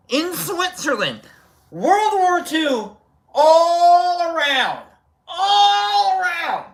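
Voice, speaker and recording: A man's voice: on the high side, sharp tone. A man hosting a livestream who tells a rambling, casual story, swearing freely and restarting his sentences often. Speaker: livestream host.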